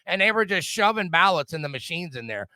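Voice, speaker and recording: A middle-aged man hosts a podcast in a heated, profane rant, tripping over repeated words as he pushes his points. His voice sits high and bright. The sound is close and dry. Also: sing-song, a little fast, dry recording. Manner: profane, fired-up, repetitive stammering restarts. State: drinking whiskey. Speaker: podcast host. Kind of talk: casual political rant.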